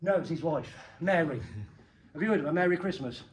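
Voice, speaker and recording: Excitable high-voiced comic magician. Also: male voice, a little fast. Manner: excitable and playful, with sudden loud bursts and jokey asides. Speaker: comedy magician. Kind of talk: stand-up magic act with audience banter.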